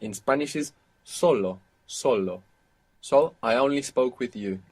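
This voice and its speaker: A man teaching Spanish in a live online lesson, explaining patiently and slowing down to dictate phrases. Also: medium pitch, slightly rough. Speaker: Spanish tutor.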